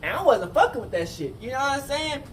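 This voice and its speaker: A man casually telling a rambling, profane story, full of fillers and restarts. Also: fast talker. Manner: rambling, animated, profane, repeats "you know what I'm saying". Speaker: storyteller recounting a jail fight. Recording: distant mic with faint rumble.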